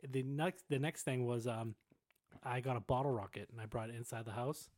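A man's voice: mid-range voice, brisk, a little mellow. A man co-hosting a podcast, telling stories in a loose, profane, laughing way. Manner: swearing, laughing storyteller. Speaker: podcast co-host. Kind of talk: casual chat.

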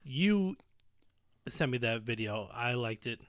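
A man's voice: mid-range voice, animated, takes it slowly, a bit bright, clean tone, dry recording, clean studio sound. A man co-hosting a crude comedy podcast, teasing his partner and cursing freely. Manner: profane, teasing, mock-slogan delivery. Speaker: podcast co-host.

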